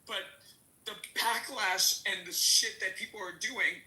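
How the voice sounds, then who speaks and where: A woman's voice: medium pitch, fairly even intonation, moderate pace, sharp tone, roomy sound, rough recording. A woman speaking as a panel guest, tearful and pleading, her voice breaking as she repeats herself. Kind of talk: emotional panel talk.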